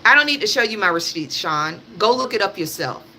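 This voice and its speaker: A medium-pitched woman with a sharp, sing-song delivery, a bit fast, hosts a live stream with slight hiss or hum in the audio. She talks straight to her audience, offering blunt political commentary, repeating points and swearing freely.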